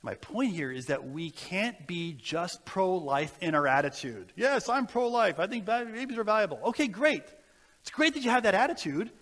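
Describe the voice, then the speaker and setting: A man's voice: high voice, a bit bright, long reverb tail. A man delivering an earnest, exhorting sermon as a guest speaker in a church, telling stories and ending in prayer.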